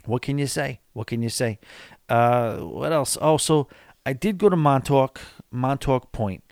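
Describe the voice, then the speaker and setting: A man's voice: medium pitch, unhurried, creaky, a little mellow, dry recording. A man hosting a podcast, chatting casually and rambling with lots of fillers late at night while tired and yawning. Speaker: podcast host. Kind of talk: casual solo podcast chat.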